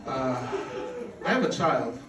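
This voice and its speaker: A man in his forties, originally from Poland, performing a deadpan, self-deprecating stand-up comedy set on a club stage with a handheld mic. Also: medium pitch, slow. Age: 40s. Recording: echoey room recording from a distance, loud noise.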